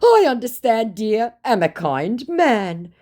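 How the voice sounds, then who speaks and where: A woman's voice: fairly high pitch, very animated, mellow, voice pushed up, full character voice. A woman putting on a syrupy fawning male scammer. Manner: slow, syrupy, clumsy grammar. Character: fawning male romance scammer, broken English.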